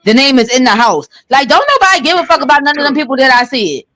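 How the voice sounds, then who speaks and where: A woman's voice: high voice, lively intonation, fast, fairly bright tone, low-quality recording. A woman hosting a casual livestream chat, blunt and heated, swearing freely. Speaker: livestream host.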